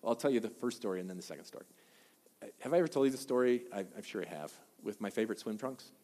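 A pastor from Wisconsin giving a sermon, an animated storyteller who keeps asking the crowd questions. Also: male voice, fairly low pitch, fast talker, long reverb tail.

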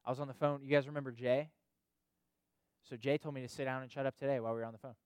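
Rapid-fire and steady in tone, this medium-pitched male voice is a little mellow, clear, and resonant, with no echo. He preaches casually, like a pastor or youth leader, peppering his talk with "right?" and repetitions.

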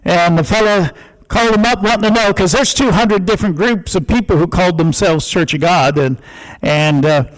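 A man's voice: sits high, moderate pace, rough recording. A male pastor preaching a sermon in emphatic, repeated short declarations.

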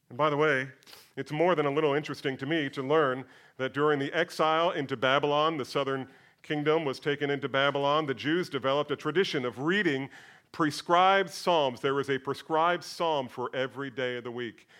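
A man preaches with a bright, ringing tone that sits a little above the usual male range. He drops to a near hush when musing, then swells and stretches his words when he recites scripture aloud. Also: fairly quick. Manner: swings from hushed to booming when reciting scripture; addresses listeners as beloved. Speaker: pastor. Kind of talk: sermon.

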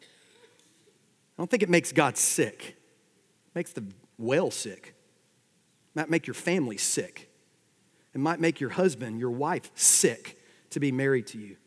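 A man preaching a sermon with wry humor. His loudness swells and drops suddenly as he drives his points home. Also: medium pitch, lively intonation, a little slow, pauses often, in a large hall. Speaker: pastor.

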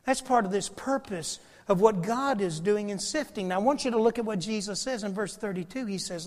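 A man preaching in a church sanctuary, his fairly high voice ringing with a long hall reverb. He swings from loud, pressing declarations to hushed, whispered passages, the way a pastor works a congregation. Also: a little fast, few pauses. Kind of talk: sermon.

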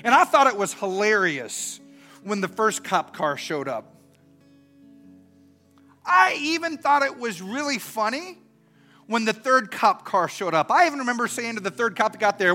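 A middle-aged man preaching a sermon and telling a story. He swings from soft and earnest to loud and animated. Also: high voice, moderate pace, soft background music. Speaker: pastor.

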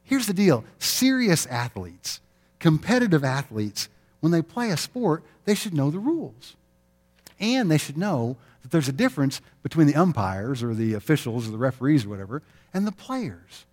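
A middle-aged man preaching a sermon, telling stories in an animated way and acting out the quotes with laughter. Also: mid-range voice. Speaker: pastor.

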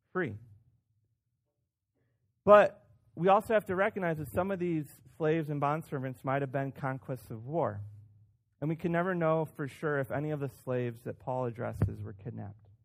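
A man's voice: a little high, gravelly. Male pastor, sermon delivery, casual, repeats words, punches key points. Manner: conversational, self-deprecating, with frequent restarts and emphatic rises.

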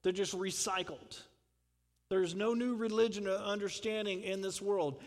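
A man's voice: high-pitched, steady tone, normal speed, in a large hall. A man preaching a sermon in a conversational way, putting questions to the congregation and chuckling. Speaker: pastor.

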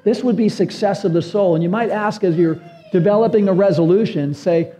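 A man's voice: high-pitched, a little fast, hardly any pauses, dark tone. A man preaching a sermon as pastor, earnest and emphatic, his voice climbing on key phrases.

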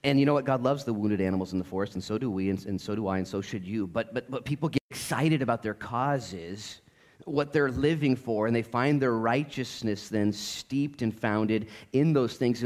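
A middle-aged male pastor preaching a sermon in an animated, joking way, swinging from loud bursts to hushed asides and mimicking voices. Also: medium pitch, moderate pace. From Oregon coast, USA.

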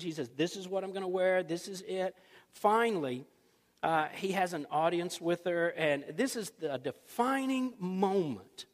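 A man preaching a sermon, retelling a story in a conversational, folksy, animated way. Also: high voice. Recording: long reverb in a large hall.

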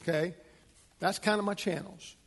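A man preaching a sermon as a pastor, speaking emphatically and building to forceful points. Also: normal speed, slightly rough, long reverb tail. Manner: emphatic, rising to a preaching pitch.

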